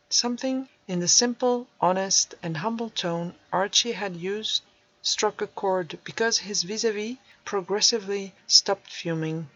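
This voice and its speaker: A woman narrating a storybook in a measured, even way. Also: mid-range voice, dry recording. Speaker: audiobook narrator. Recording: dull dry recording.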